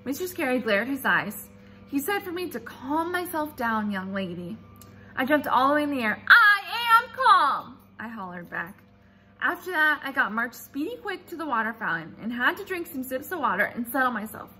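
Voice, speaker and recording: A woman reads a children's chapter book aloud, telling the story in an expressive, animated way at normal speed. Her high voice bounces across a wide range, and her tone is bright and clear.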